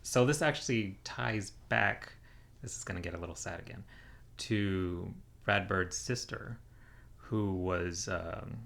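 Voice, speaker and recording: A man's voice: low voice, unhurried, gravelly. A man co-hosting a podcast, casually retelling a film's plot with many fillers. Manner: relaxed, filler-heavy retelling. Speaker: podcast co-host. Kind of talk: casual film discussion.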